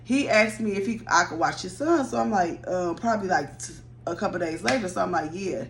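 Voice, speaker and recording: A woman in her mid-thirties telling a rambling personal story to her viewers, chatty and animated. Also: fairly low pitch, fairly quick, vocal fry, a little hiss or hum. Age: 30s.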